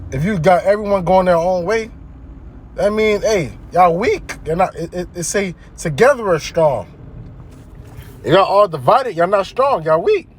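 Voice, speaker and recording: A man's voice: sits high, animated, a little slow, slight background noise. A man teaching scripture in a casual preaching style, reading verses aloud and explaining them in plain talk while often checking in with his listeners. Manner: conversational, keeps checking in with listeners.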